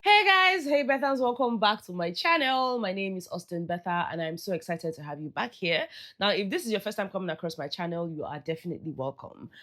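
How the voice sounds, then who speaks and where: A woman's voice: fairly low pitch, lively intonation, fast, hardly any pauses, fairly bright tone, soft background music. A woman with a Nigerian accent giving casual gossip commentary on a reality show, chatty and slipping into Pidgin asides. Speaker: entertainment vlogger.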